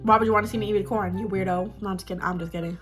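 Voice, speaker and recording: A young woman telling a story on her mukbang vlog in a casual, animated, dramatic way, with bursts of laughter. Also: medium pitch, rapid-fire, over music. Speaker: vlogger. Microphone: phone.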